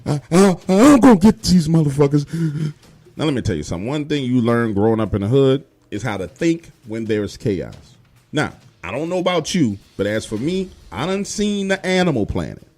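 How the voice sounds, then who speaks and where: A man telling a true horror story in a profane, animated, street-style way. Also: medium pitch, a little fast.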